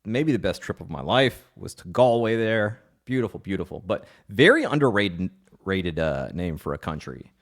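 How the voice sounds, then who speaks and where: A man's voice: deep voice, big pitch swings, normal speed. A man hosting a podcast, talking in a casual, joking way with rambling asides and playful rants. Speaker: podcast host.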